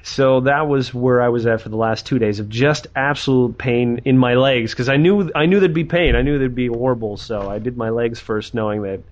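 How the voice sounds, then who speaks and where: A man hosting a podcast in casual chat over an internet voice call, chatty and joking with quick asides. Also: mid-range voice. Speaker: podcast host. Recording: muffled internet call audio.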